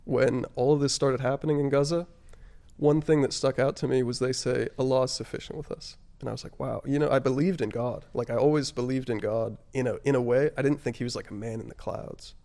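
A man with a noticeably gravelly, fry-edged voice at an ordinary middle pitch tells his story as an interview guest. He speaks in a halting, reflective way, leaning on fillers and letting his voice sink softer on the heavier moments. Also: steady tone. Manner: halting and reflective, frequent "like" and "you know" fillers. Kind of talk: casual personal storytelling.

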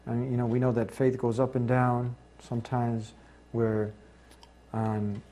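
A man's voice: mid-range voice, flat delivery, measured pace, warm tone. A man hosting an interview show, earnest, asking long, leading questions. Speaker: talk show host.

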